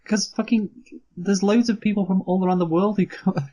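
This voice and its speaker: A man's voice: high voice, steady tone, brisk, warm tone, poor audio. A man co-hosting a casual movie review chat, teasing his co-host dryly and swearing freely. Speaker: podcast co-host.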